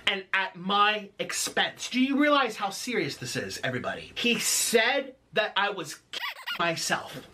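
Furious ranting man with a bright voice. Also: high voice, big pitch swings, a little slow, a little hiss or hum. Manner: furious, sarcastic, mocking. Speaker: YouTuber posting a response video. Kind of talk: angry ranting monologue.

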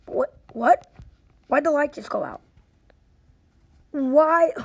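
A woman commentating her own gameplay for viewers, reacting in a jumpy, excitable way and talking straight to them. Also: sits high, slow pace, gravelly, long pauses, soft background music, rough recording. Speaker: gaming video host.

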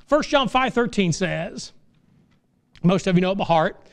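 A middle-aged man preaching a sermon from the pulpit, his voice sitting notably high for a man. He talks in a folksy, plainspoken way, then climbs into fervent, impassioned stretches. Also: lively intonation, moderate pace. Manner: folksy, rises to impassioned crescendos. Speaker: pastor.

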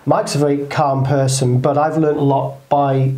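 Lively man with a roomy echo. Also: mid-range voice, moderate pace, slight background noise. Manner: animated storyteller, puts on voices. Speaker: co-host. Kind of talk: casual motivational chat.

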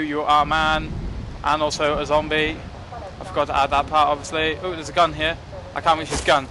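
A young man giving casual, excitable commentary while playing a game, joking and swearing at what happens on screen. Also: fairly high pitch, fairly quick, noisy background. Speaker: gaming commentator.

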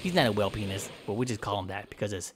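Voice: deep voice, animated, very fast. A gameplay commentator giving playful, rambling let's-play commentary, teasing and pleading with the game as they play.

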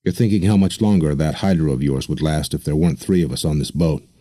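A man's voice: extremely low pitch, fast, mellow. A man voicing a desperate, stubborn young woman who pleads and insists. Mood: earnest.

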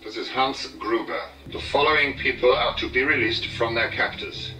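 An actor playing a calm, commanding male terrorist leader in a film, speaking in a measured way. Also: mid-range voice, echoey room, lightly acted. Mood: cool menace. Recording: film audio with score, from far off.

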